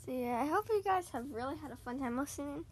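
A woman chatting casually while she plays a video game, excitable and talking straight to her listeners. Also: high-pitched, fast talker. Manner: chatty and excitable, keeps addressing "guys". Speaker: gaming podcaster. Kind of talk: casual gaming commentary.

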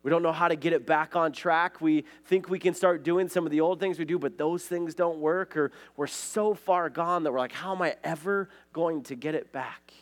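A Montana pastor with a fairly high voice and fairly even intonation speaks at normal speed, with few pauses. He gives a conversational sermon of casual stories, often saying "like" and "right?".

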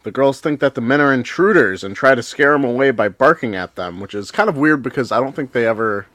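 A man's voice: mid-range voice, animated, brisk, a bit bright, no echo. A man co-hosting a cartoon podcast, recapping an episode in casual chat with a wry, teasing manner. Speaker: podcast co-host.

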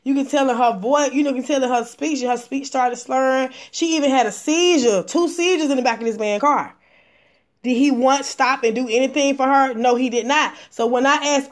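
A woman's voice: high voice, fairly quick. A woman hosting a casual livestream, talking emphatically and repeating herself as her points build. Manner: emphatic and repetitive, building indignation. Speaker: livestream host.

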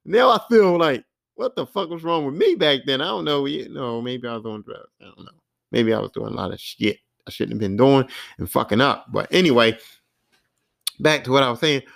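With lively intonation and some vocal fry, a podcast host in his forties spins a casual, profane story at his own expense. His pitch is medium and his pace fairly quick as the monologue wanders.

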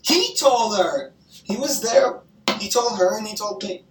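A woman's voice: mid-range voice, lively intonation, unhurried. Young woman, swears constantly, gossipy and heated, mid-range voice in a roomy space away from the mic. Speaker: grandchild on the phone. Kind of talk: casual phone chat. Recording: roomy echo, distant from the mic.

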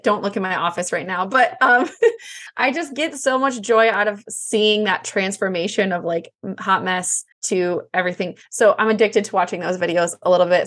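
Woman, 30s, Enneagram coach, podcast guest, animated casual storytelling. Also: mid-range voice. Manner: warm, animated storytelling with laughs. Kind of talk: casual interview chat.

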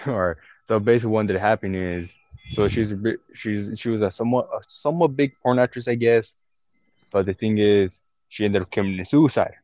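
Brief: young man, low voice, rambling profane storyteller, dry dull lo-fi podcast audio. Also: brisk, darkish tone, dry recording. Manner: rambling storytelling with heavy swearing and restarts. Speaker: podcast co-host. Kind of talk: casual podcast chat.

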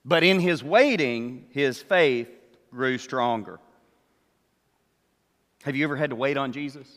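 An older man preaching a sermon, telling the story slowly and acting out what the characters say. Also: medium pitch, a bit bright, big-room sound. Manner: slow storytelling, acts out the characters' words. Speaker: pastor.

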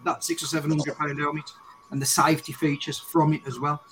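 A chatty man with a Scouse accent, his voice a touch higher than most men's. He rambles, swears casually and hosts a relaxed podcast chat. There is a faint hiss under the recording. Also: fairly quick, low-quality recording. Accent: English, Scouse. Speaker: podcast host.

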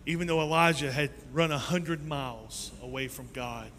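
A male pastor preaches in an animated voice that moves from loud to soft. His voice sits a bit high and sounds bright and forceful. Long hall reverb trails his words over faint room ambience. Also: moderate pace, a little hiss or hum. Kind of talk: sermon. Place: church sanctuary.

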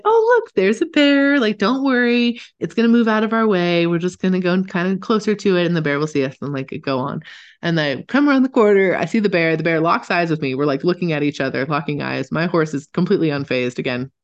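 A woman co-hosting a podcast, telling stories in a lively, casual way and swearing freely. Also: on the low side, a little fast, highs cut off. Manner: animated, chatty, swears casually, laughs often. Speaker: podcast co-host. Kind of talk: casual storytelling chat.

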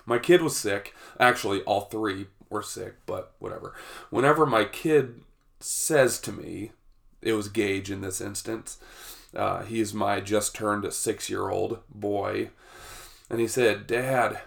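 Socal guy in his 30s doing his podcast solo, stuffed up from a cold, low gravelly voice, keeps saying right? and laughing. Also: slow pace. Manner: chatty, laughs often, lots of "right?". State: congested, recovering from a cold. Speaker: podcast host. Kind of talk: casual solo podcast talk.

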